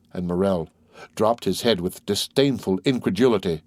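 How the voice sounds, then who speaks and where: A man narrating a classic novel as an audiobook in a steady, even reading voice. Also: deep voice, moderate pace, no room sound, studio quality. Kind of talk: scripted narration.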